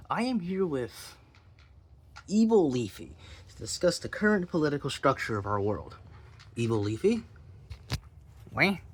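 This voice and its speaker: A man's voice: mid-range voice, fairly bright tone, husky. A man hosting a mock news broadcast in a plush comedy skit, rambling and mock-serious with many self-interruptions. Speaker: host of a plush comedy channel.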